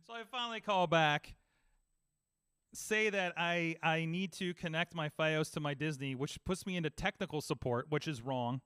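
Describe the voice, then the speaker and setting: A man in casual podcast chat, telling an animated story and acting out both sides of phone calls. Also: on the high side, measured pace, clean tone, no echo. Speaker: podcast host.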